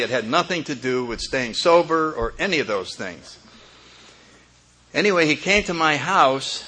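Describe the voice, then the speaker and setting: A man's voice: mid-range voice, bright, forceful tone. An older man telling a humorous personal story as a speaker at a recovery meeting, often chuckling as he talks.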